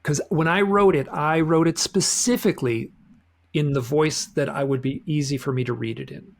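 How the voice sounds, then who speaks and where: A man's voice: a little high, normal speed, creaky. A man talking as a guest author in a casual interview, rambling with many restarts and repeated words.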